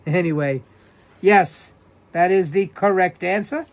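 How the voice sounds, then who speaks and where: A high-pitched New York man speaks slowly as he hosts a live-stream trivia quiz, reading out viewer answers. He's upbeat, repeating each question and greeting viewers by name.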